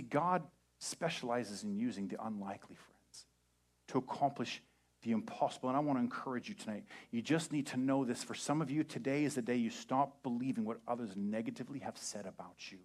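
A young adult man preaching a sermon as a pastor, animated and acting out quoted voices. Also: medium pitch, a little fast, slightly rough.

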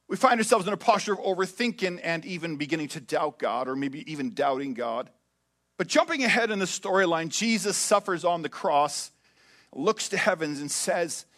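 A man preaching a sermon as pastor, animated, swinging between loud emphatic lines and hushed quiet ones. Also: a little high, normal speed.

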